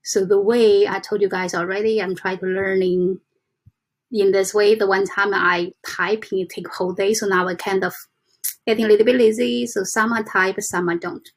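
A woman giving a casual motivational talk to her viewers, soft and halting, with frequent restarts and slow deliberate reading aloud. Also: mid-range voice, steady tone. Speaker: self-help vlogger.

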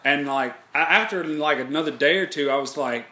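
A man's voice: fairly high pitch, brisk, reverberant. A man telling a rowdy story in casual chat, swearing a lot and acting out what people said. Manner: animated, profane, acts out quotes. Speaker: podcast host telling a story.

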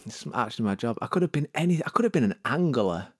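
A man's voice: medium pitch, big pitch swings, fast talker, no echo, studio quality. Zany man rambling comically. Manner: silly, rambling, jumps between put-on voices. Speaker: podcast agency host. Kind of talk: improvised comic monologue.

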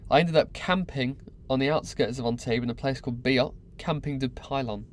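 A man's voice: mid-range voice, brisk. Man telling a candid story. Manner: candid, animated, repeats words for effect. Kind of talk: personal storytelling to camera.

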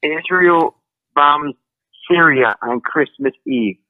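A man's voice: fairly high pitch, expressive, slow, gravelly, dry recording. A man from Chicago calling in to argue, stubborn and mocking, repeating himself as he pushes his point. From Chicago, USA. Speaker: caller. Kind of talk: heated call-in argument. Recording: tinny dry phone line.

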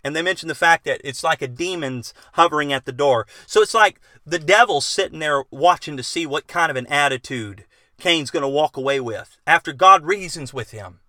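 Bright-voiced earnest male preacher. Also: on the high side, expressive, moderate pace, no room sound, clean studio sound. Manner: earnest, explains scripture with questions and read quotations. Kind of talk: bible teaching sermon.

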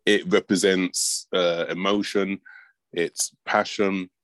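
A man with a fairly low voice talks casually as a podcast guest. He gets animated when telling stories and keeps saying "mate". The recording is close and dry. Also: takes it slowly, no echo, poor audio. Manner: chatty, says "mate" a lot, animated storytelling. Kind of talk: casual chat.

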